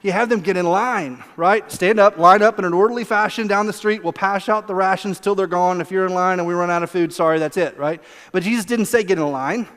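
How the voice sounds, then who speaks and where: A male pastor preaching a conversational sermon, animated, laughing often and acting out quotes. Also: sits high, fairly quick. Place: church sanctuary. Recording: long reverb of a church hall.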